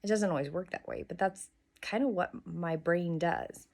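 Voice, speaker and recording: A woman with a slightly low voice hosts a morning devotional. She speaks softly and thoughtfully, pausing and restarting as she muses aloud. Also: gravelly. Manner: soft, musing, pauses and restarts. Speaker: devotional host. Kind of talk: reflective morning devotional talk.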